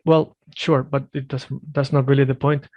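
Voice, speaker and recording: A man teaching a one-on-one language lesson, correcting firmly and repeating words slowly for his student. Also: medium pitch, little pitch movement, darkish tone, no room sound. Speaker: Swedish teacher.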